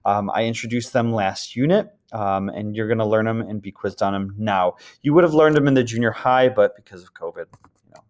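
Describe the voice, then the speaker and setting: A man talks his students through a grammar topic in a recorded lesson, at an easy, unhurried pace. His delivery is relaxed and casual, dotted with ums, and he pauses now and then to check that they follow. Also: lowish voice. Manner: relaxed, frequent ums, chants the word list rhythmically. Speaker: French teacher.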